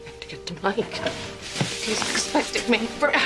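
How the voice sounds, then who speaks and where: A woman's voice: mid-range voice, animated, moderate pace, natural voice. An actress playing a lovestruck suburban woman in a TV drama, insistent and breathless. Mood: frantic. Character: infatuated suburban woman, frantic then doting. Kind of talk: TV drama acting. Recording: TV clip with music under it.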